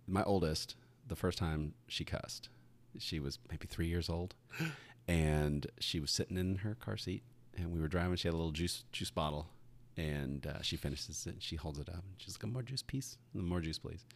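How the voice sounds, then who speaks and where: A man's voice: low-pitched, normal speed. A middle-aged man co-hosting a podcast, chatting casually and acting out voices as he tells stories. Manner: animated storyteller, acts out voices in anecdotes. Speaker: podcast co-host. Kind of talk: casual chat.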